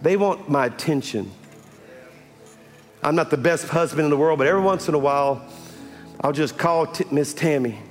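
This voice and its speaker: A man preaching a sermon as pastor, building from storytelling to shouted calls to the congregation. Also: a little high, moderate pace, pauses often. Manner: builds to shouted, rising exhortation with call-and-response. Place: large church sanctuary with audience. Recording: live church recording, long reverb, music and crowd behind.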